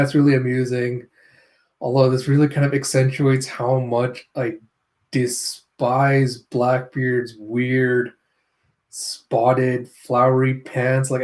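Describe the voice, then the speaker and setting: A man with a mid-range, slightly mellow voice reviews a comic chapter in a laid-back read-through. He narrates the panels, drops in sardonic asides, and slips into quick character voices now and then.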